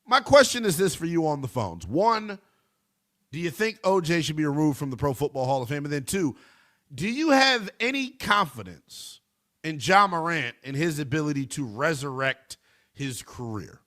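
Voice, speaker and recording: A male sports radio host with a lively, bouncing delivery and a bright, forceful edge to his voice. He sits in a radio studio and stays emphatic, leaning hard on his points as he takes listener calls. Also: a little high, normal speed. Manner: animated, emphatic, talks to listeners as brother. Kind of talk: call-in sports radio talk.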